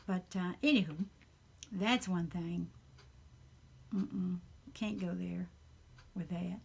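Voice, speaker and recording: A woman from the Southern United States with a Southern accent, chatting casually in a soft, half-whispered, rambling and earnest way in her home craft room. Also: fairly low pitch, very animated, slow pace, creaky, long pauses, husky. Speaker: craft channel host. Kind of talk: casual chat.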